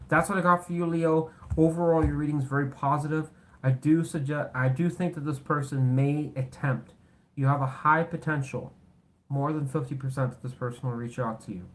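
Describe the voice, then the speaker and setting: A tarot reader doing a casual reading to camera, blunt and sarcastic, rambling and correcting themself, with casual swearing. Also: mid-range voice. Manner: rambling, self-correcting talk.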